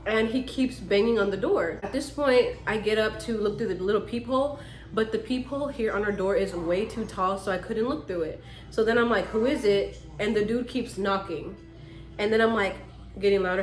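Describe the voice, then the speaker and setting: Animated young woman telling a storytime. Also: mid-range voice, normal speed, roomy sound. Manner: animated, swearing, talks to viewers as sis. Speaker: vlogger. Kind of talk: casual storytime.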